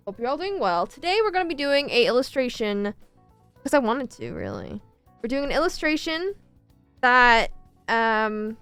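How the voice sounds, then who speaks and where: A woman's voice: a little high, fairly bright tone, smooth, dry recording. A young woman chatting casually and playfully to her stream audience as an artist.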